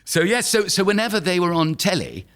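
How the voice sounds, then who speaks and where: A man's voice: high-pitched, big pitch swings, fairly quick, fairly bright tone. A man in his fifties with a London accent, an actor telling anecdotes as a podcast guest, laughing through his stories. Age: 50s. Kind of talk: casual anecdotal chat.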